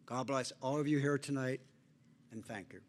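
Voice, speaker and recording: An older man giving a heartfelt, deliberate hall of fame acceptance speech at a banquet dinner. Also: medium pitch, heavy background noise.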